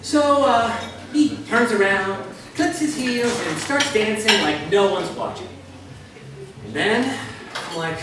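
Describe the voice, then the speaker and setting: A man reading a comic story aloud at a live event in a wry, deadpan way, with casual fillers. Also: sits high, a little slow, long pauses, background noise. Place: hotel bar event room. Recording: echoey room, distant mic, clattering dishes.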